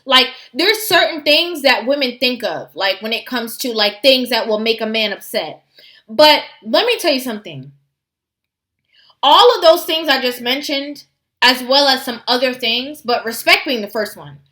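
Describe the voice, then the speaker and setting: A woman's voice: sits high, lively intonation, moderate pace, pushed and bright. A woman vlogger chatting to her viewers in a commentary video, with lots of likes and ums. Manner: chatty, lots of fillers, addresses viewers as honey. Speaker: vlogger host. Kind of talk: commentary vlog.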